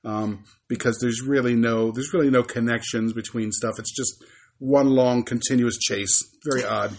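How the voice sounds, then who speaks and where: Relaxed man chatting about films. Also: mid-range voice, gravelly. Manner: relaxed, informative, with pauses and fillers. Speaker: podcast co-host. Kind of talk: casual chat about films.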